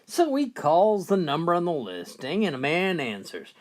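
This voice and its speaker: Man, joke teller, very lively pitch, animated storytelling. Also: normal speed. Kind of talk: telling jokes.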